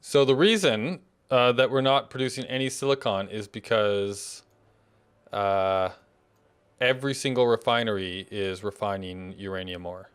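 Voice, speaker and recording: A man's voice: lowish voice, unhurried, smooth. A man hosting a multiplayer gameplay session, chatting casually and thinking aloud as he sorts out game systems. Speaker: gameplay host.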